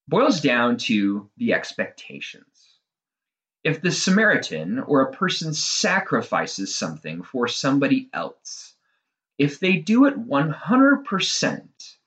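A man's voice: medium pitch, a bit bright. A middle-aged man talking through a casual monologue, conversational and self-deprecating, with fillers and wry asides. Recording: dull lo-fi recording.

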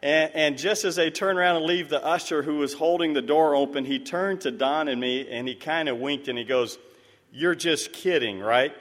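A man's voice: fairly high pitch, steady tone, fairly quick, few pauses. A man giving a mission report to a church, telling stories earnestly and with animation. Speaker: missionary speaker. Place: church sanctuary. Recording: echoey church hall.

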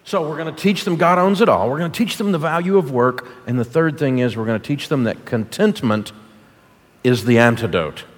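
A man's voice: mid-range voice, expressive, brisk. A middle-aged man preaching as a guest speaker to a church congregation, folksy, punchy and jokey. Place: church auditorium. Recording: long reverb of a large hall.

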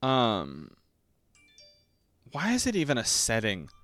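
Rambling young man with a clear, dry voice. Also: huge pitch swings, slow pace, a bit bright, no room sound, faint music behind. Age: 20s. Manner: rambling and self-mocking, often breaks into squeaky high put-on voices. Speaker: podcast host reviewing a movie. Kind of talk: casual rambling commentary.

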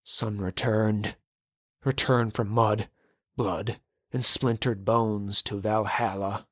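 A man voicing an old, wrathful Norse king who speaks in slow, menacing pronouncements. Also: fairly low pitch, steady tone, fairly bright tone, no room sound, studio quality, pitched below the performer's own voice. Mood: brooding.

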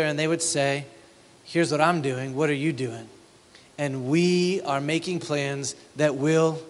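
A pastor preaching a conversational sermon, often asking the congregation if they feel it. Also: male voice, on the high side, a bit bright, big-room sound.

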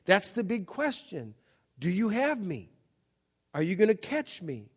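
A man's voice: high-pitched, wildly swooping pitch, unhurried, slightly rough. A middle-aged male pastor giving a conversational sermon, acting out Bible scenes in little voices.

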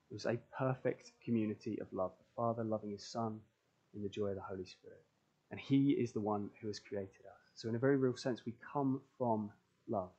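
A man's voice: medium pitch, dark tone. A man preaches to a church congregation in an earnest voice. He leans on repeated phrases to build each point. The sound is dull and lo-fi. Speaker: pastor. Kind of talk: sermon. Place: church, recorded for online stream.

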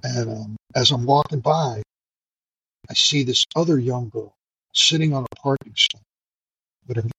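A man's voice: medium pitch, a little slow, creaky, bright, forceful tone, breathy edge, no room sound, rough recording. A middle-aged man, a firefighter, telling a raw story in an interview, profane and emotional, rambling with many fillers. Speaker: firefighter and podcast guest.

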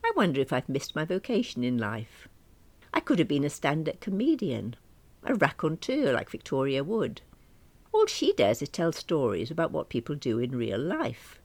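A woman narrating a comic diary story in a prim, earnest, deadpan manner. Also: sits low, normal speed, no room sound.

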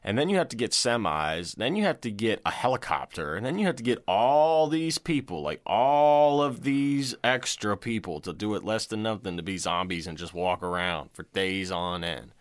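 A man co-hosting a casual podcast, excitedly retelling movie scenes, swearing and laughing. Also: lowish voice, moderate pace, few pauses, no room sound. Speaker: podcast co-host.

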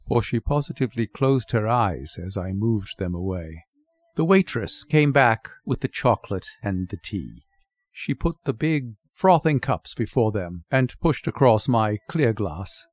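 A man narrating a short story in an expressive, wry storybook reading. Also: lowish voice, unhurried, dry recording. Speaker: narrator, reader.

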